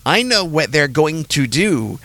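A man's voice: on the high side, very animated, measured pace, creaky, fairly bright tone, pitched above the performer's own voice, exaggerated voice. A man mimicking an eager three-year-old boy.

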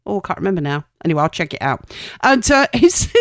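A woman's voice: mid-range voice, sing-song, fairly quick, a bit bright, dry recording, clean studio sound. A woman presenting on the radio in a chatty, rambling way, correcting herself and laughing at her own slips.

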